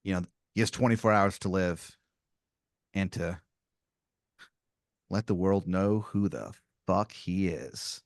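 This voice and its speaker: A man hosting an improvised comedy podcast, laying out a long scenario with halting restarts. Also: low voice, no room sound, clean studio sound. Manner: rambling, hesitant setup full of restarts. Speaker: podcast host.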